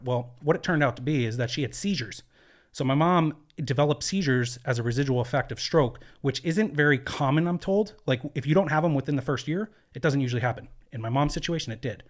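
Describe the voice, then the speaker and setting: A man's voice: mid-range voice, animated, fast. A man as a podcast guest in a studio, telling a personal story earnestly, with many fillers and restarts. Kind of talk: candid conversational storytelling.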